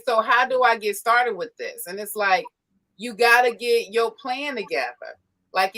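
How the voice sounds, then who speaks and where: A woman's voice: a little high, bright, forceful tone. A woman hosting a live-stream interview, hyping up her guest in an emphatic, encouraging way. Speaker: show host.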